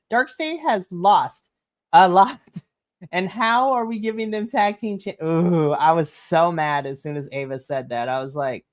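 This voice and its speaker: A woman's voice: medium pitch, moderate pace. A woman co-hosting a wrestling podcast, recapping the show in casual chat and acting out the characters' lines. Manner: animated, laughs often, acts out characters in quotes.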